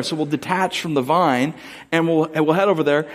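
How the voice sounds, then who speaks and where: A man's voice: on the high side, a little fast. A man preaching a sermon as a pastor, talking casually and acting out little scenes and quotes as he goes. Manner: conversational, storytelling with acted-out quotes.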